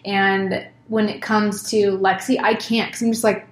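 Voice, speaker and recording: A woman's voice: mid-range voice, unhurried. Candid chatty woman, echoey room. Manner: candid, lively, swears casually, acts out her own words. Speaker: podcast co-host, mother. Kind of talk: casual conversation.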